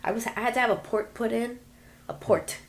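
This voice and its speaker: A woman's voice: fairly high pitch, flat delivery, fairly quick. A woman, a podcast guest, telling her story in casual interview chat and acting out what the nurses said to her. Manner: emotional storytelling, acts out quotes of nurses.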